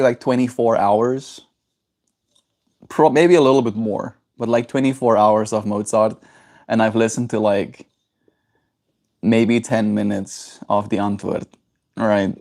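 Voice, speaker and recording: A man's voice: mid-range voice, darkish tone. A man from South Africa chatting casually on a livestream, rambling and answering chat messages aloud.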